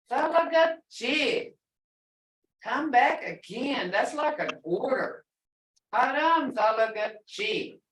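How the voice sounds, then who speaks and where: Middle-aged woman language teacher, slow and patient, sits back from the mic in a roomy space. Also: fairly high pitch, fairly bright tone. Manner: explains patiently, repeats words slowly, laughs lightly. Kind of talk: online language lesson. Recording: roomy sound from a distance.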